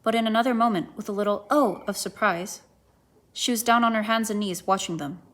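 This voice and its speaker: A woman reading a children's book aloud as a volunteer, in a gentle, even storytelling manner. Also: medium pitch, brisk. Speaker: volunteer reader.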